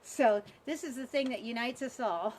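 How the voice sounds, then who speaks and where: A cheerful woman instructor talks students through hula hoop moves outdoors beside a pond. Her voice sits a touch high, and she chats in an encouraging way. A faint background hiss runs under her voice. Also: normal speed, darkish tone. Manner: upbeat, chatty, encouraging. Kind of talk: live online workshop teaching.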